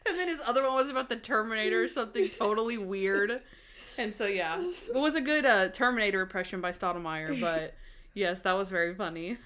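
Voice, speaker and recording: A woman's voice: medium pitch, brisk, a bit bright. A young woman co-hosting a podcast, chatting casually about a TV episode, giggling and acting out characters' lines. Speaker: podcast co-host. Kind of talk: casual chat recapping a TV episode.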